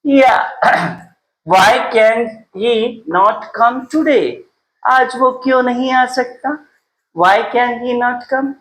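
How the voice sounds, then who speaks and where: A man with an Indian accent teaching English phrases, switching into Hindi and repeating each example sentence slowly word by word. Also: very high-pitched, fairly bright tone, echoey room, poor audio. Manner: slow, drawn-out word-by-word repetition of example sentences. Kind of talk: spoken English lesson mixing Hindi.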